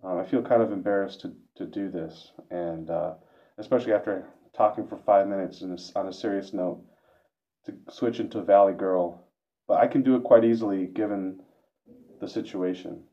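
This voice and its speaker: A man's voice: low-pitched, moderate pace, warm tone. A man vlogging a reflective monologue, hesitant and self-questioning, with frequent restarts. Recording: dull lo-fi recording.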